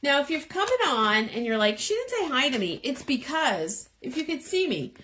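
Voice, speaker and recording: Lively hoarse-edged woman reading tarot. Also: sits high, moderate pace. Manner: animated, encouraging, chatty. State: losing her voice. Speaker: tarot reader. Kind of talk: live tarot reading chat. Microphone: phone held above eye level.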